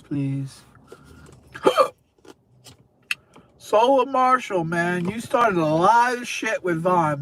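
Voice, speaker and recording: A tipsy man hosts a loose, casual show, wandering from thought to thought and swearing often. His voice sits a little high, and a faint noise stays under it. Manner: rambling, sing-song, swearing often. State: tipsy from drinking. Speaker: show host. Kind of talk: casual livestream chat.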